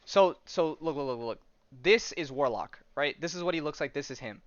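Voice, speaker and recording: A man's voice: on the high side, animated, normal speed, a bit bright, dry recording, muffled recording. A man hosting a podcast, rambling through a comic story in casual chat and acting out the characters' lines with lots of fillers. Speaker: podcast host.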